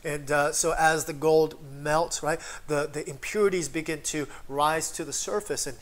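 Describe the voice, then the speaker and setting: A man's voice: fairly high pitch, fairly even intonation, normal speed. A man preaching a sermon in a conversational way, often checking in with "right?" and building to emphatic declarations.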